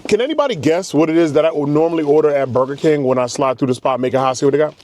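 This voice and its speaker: A man with a somewhat high voice reviews fast food in a casual video. He talks in a hyped, slangy way and drops playful rhymes. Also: a little mellow, a little hiss or hum.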